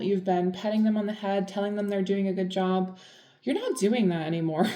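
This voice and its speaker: A woman reads tarot in a loose, chatty way, blunt and full of filler words. Her voice is mellow and gravelly with fry. She sounds like she is in an echoey room. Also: medium pitch. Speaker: tarot reader. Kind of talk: casual tarot reading.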